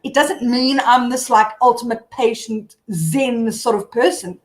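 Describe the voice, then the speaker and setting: A woman blogger joins a casual live video chat as a guest, speaking candidly and rambling with lots of fillers. Her voice is a little high and measured in pace, recorded in an echoey room.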